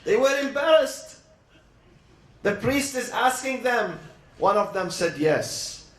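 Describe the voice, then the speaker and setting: A man at a youth gathering, telling a religious story as a sermon, with dramatic pauses and short emotional phrases. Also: very high-pitched, animated. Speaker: speaker at a youth event. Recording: roomy echo.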